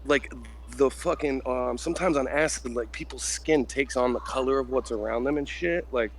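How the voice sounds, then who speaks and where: A man's voice: medium pitch, moderate pace, vocal fry, slight background noise. A young man telling a long story in casual group chat, rambling with lots of "like" and swearing. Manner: rambling, heavy use of "like" and swearing.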